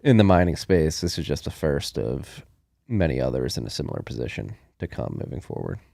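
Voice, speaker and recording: A man's voice: rumbling low, big pitch swings, a little fast, creaky, mellow, no echo, clean studio sound. A man co-hosting a podcast, chatting casually about the news and thinking aloud with plenty of fillers. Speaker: podcast co-host.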